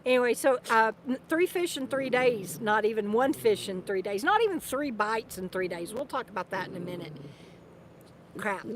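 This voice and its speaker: Over a noisy background, an older woman who vlogs and writes books chats animatedly on a live stream at normal speed in a fairly high voice. She wanders and restarts her sentences, laughs a lot, and breaks off between remarks to speak to her dog.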